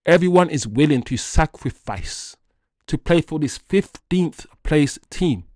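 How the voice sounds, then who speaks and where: A man hosting a football fan channel, reading transfer news aloud and riffing on it in a jokey, animated way. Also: fairly high pitch, a little slow, no echo, studio quality. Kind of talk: casual transfer-news commentary.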